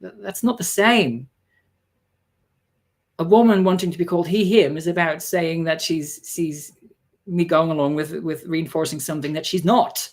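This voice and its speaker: A man vlogging a casual story, exasperated and sarcastic, acting out the people he quotes with sudden jumps in pitch. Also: steady tone, moderate pace. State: tired.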